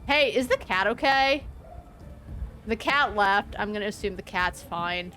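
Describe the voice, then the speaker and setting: A woman's voice: medium pitch, lively intonation, unhurried, pushed and bright, slight background noise. A young woman streamer giving casual let's-play commentary, chatty and sarcastic, with frequent swearing.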